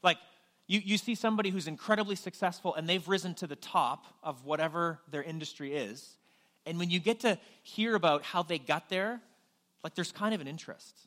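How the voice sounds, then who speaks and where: A young adult man from New Brunswick, Canada, preaches a sermon as pastor, conversational and self-deprecating, often restarting his sentences. His voice is a little high and fairly bright, and he talks fairly quickly.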